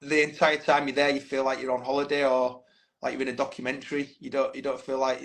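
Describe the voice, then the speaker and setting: He talks fast in a level, fairly bright mid-range voice, captured on low-quality audio. The man is a band's frontman on a casual podcast, candidly recounting stories, swearing freely and often saying "mate."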